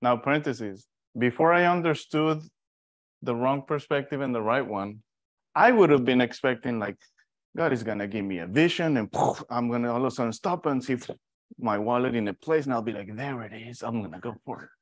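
A man from Mexico teaching an informal Bible study, telling stories in a lively, animated way with restarts. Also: medium pitch, brisk, no room sound.

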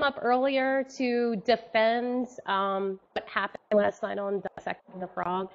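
Quick, upbeat woman on a lo-fi webcam. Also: fairly high pitch, flat delivery, creaky. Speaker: co-host of a wrap-up show. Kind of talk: casual webcam chat.

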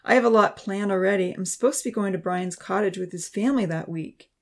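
A man's voice: high voice, fast. A man voicing a kind, hesitant teenage girl in a storybook reading, in his own voice. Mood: gentle. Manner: soft, half-hearted.

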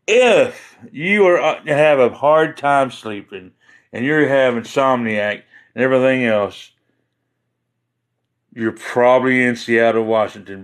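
A man with a medium-pitched, slightly bright voice hosts a casual livestream, rambling from joke to joke and often chuckling at his own stories. The recording is rough.

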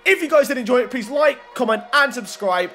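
A young man giving gameplay commentary on a football video game, excitable and talking straight to the game and his viewers. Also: extremely high pitch, fairly quick, soft background music. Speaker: gaming YouTuber.

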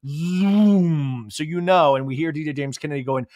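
A man's voice: a little high, normal speed, darkish tone, dry recording. A young adult man hosting a podcast, recapping TV with chatty, sarcastic asides. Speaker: podcast host. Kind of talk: comedic TV recap.

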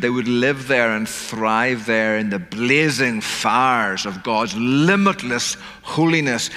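A man preaching a sermon, slowing down to stress key words. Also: mid-range voice, pushed and bright. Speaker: pastor. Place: church sanctuary. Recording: church hall with long reverb.

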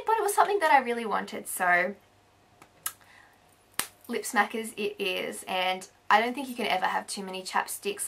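An Australian woman beauty vlogger chatting casually through a haul, rambling and correcting herself, a little hoarse as she is losing her voice. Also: medium pitch, fairly bright tone. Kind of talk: casual haul video chat.

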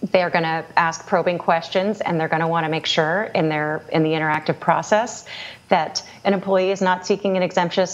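Lower-voiced woman in a dull lo-fi clip. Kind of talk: explanatory news clip.

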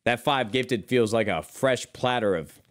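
A man's voice: medium pitch, unhurried, fairly bright tone. A young man streaming live, chatting casually with viewers in a rambling way, swearing freely and calling them brother.

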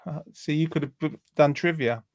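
A man's voice: on the high side, normal speed, darkish tone, dry recording, clean studio sound. A man hosting a casual online quiz show, reading out viewer comments in a jokey, rambling way. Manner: jokey, rambling, lots of ums. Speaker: host.

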